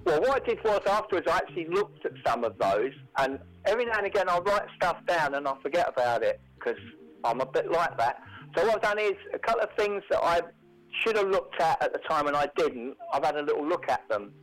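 A man hosting a radio segment in a studio, telling odd stories with deadpan, made-up asides. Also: on the high side, brisk, poor audio. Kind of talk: casual radio banter.

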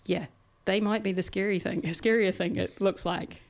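A woman's voice: medium pitch, steady tone, normal speed. A woman co-hosting a casual science podcast, explaining research in a chatty way with everyday examples and frequent fillers.

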